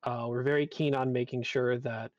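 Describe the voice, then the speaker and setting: Dude talking game design, kinda muffled lo-fi mic, dry, rambly. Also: male voice, mid-range voice, flat delivery, normal speed, no room sound. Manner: rambling, many fillers. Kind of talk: casual panel talk.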